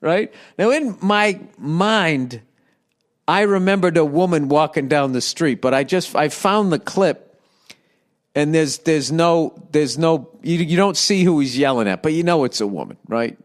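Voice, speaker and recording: A man's voice: a little high, expressive. Profane rambling middle-aged man. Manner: profane, rambling, quick to jump into silly voices. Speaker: podcast host. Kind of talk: rambling comedic monologue. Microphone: studio microphone with windscreen.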